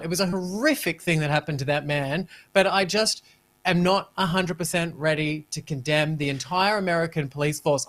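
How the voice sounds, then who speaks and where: A man's voice: fairly high pitch, fairly bright tone. A man co-hosting a panel talk show, giving his opinion emphatically and repeating himself for stress. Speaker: co-host.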